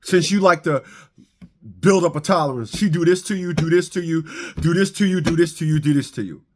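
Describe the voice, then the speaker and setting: Middle-aged man, forceful preachy monologue, repeats words, fairly high voice. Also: brisk. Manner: preachy, repetitive, stammering restarts. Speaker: commentator on fathers and child support. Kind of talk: animated monologue to camera.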